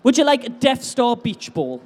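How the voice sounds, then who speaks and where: A man's voice: very high voice, very animated, moderate pace, darkish tone. A man hosting a live convention stage game, teasing contestants with upbeat, jokey banter.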